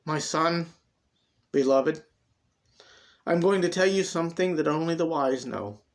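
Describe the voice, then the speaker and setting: Guy doing a sassy redhead gal, bold and teasing, then soft and motherly, kinda high voice. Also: unhurried. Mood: tender. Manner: sassy, later soft and consoling. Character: saucy defiant young redheaded woman, tender mother.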